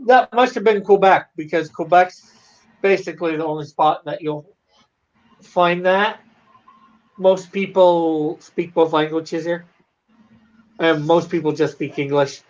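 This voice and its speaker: High-voiced Canadian man, lo-fi call. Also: fairly even intonation, unhurried, pauses often. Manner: rambling, hesitant with many fillers. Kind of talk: casual chat.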